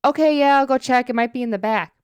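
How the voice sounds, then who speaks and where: A woman's voice: sits high, fast, darkish tone, clean tone, no echo, pitched above the performer's own voice, close to an everyday voice. A woman imitating a chatty young store clerk, with a drawling, slangy, rambling way of talking. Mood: cheerful. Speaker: podcast host doing an impression. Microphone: dynamic podcast microphone.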